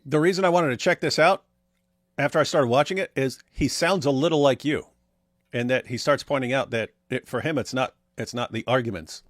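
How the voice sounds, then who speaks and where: An American man hosting a show, giving excitable, joking reaction commentary with emphatic asides. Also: medium pitch, a little fast, dry recording, clean studio sound. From United States. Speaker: show host.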